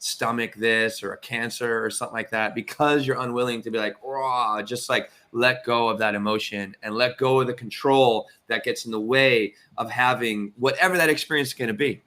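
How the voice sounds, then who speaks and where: A man with a bright, forward voice in the middle range talks on a podcast in an animated, rambling way, leaning on fillers as he thinks aloud. His tone stays open and eager. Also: mid-range voice, moderate pace, few pauses. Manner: animated, filler-heavy, lots of "like" and "you know". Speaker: podcast co-host. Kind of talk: casual podcast discussion.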